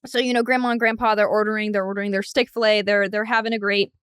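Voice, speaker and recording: A woman's voice: medium pitch, little pitch movement, quick pace, a bit bright, smooth, no echo, studio quality. A young adult woman co-hosting a casual podcast chat, rambling through a made-up story with lots of "like" and restarts. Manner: rambling storytelling, heavy use of "like". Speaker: co-host.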